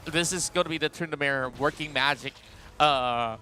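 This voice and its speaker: A man casting a mobile esports match live, talking in an animated, chatty play-by-play style with frequent fillers. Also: on the high side, moderate pace, a little hiss or hum. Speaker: esports caster.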